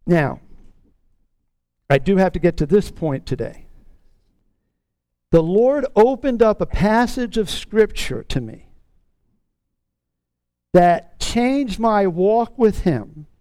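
A middle-aged man preaching a sermon in an earnest tone, stretching out key words slowly for emphasis. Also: high-pitched, big pitch swings, warm tone, no echo. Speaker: pastor.

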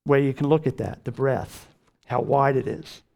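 A man preaching a sermon, slowing down and leaning hard on key words. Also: medium pitch, gravelly, darkish tone. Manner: slow emphatic preaching, rising on key words. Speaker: pastor.

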